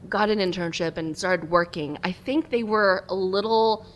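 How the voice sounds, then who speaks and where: A woman journalist, a podcast guest, chatting casually and telling lively stories about her life, from Southern California. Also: medium pitch, normal speed. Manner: lively, animated storytelling. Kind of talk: casual interview chat.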